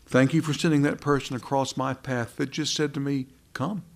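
A man preaching a sermon with passion, his voice swelling and then falling to near a hush. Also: mid-range voice, steady tone, moderate pace, creaky. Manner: impassioned, rising and dropping to soft.

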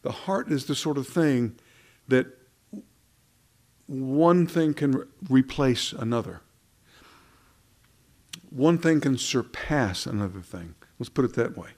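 A man's voice: mid-range voice, slow pace, long pauses, darkish tone. Man, preacher, conversational sermon, wry humor, rhetorical questions, microphone.

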